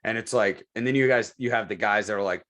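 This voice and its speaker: A man's voice: fairly low pitch, quick pace. A man co-hosting a podcast, telling military stories in casual profane chat and mimicking the people he quotes. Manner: profane, animated storytelling with mimicked voices. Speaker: podcast co-host.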